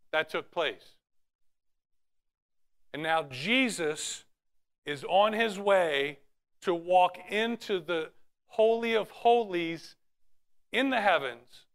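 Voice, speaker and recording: Man, pastor, sermon, high voice, earnest, repeats and restarts phrases. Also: a bit bright. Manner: earnest preaching with repeated restarts, reads scripture aloud.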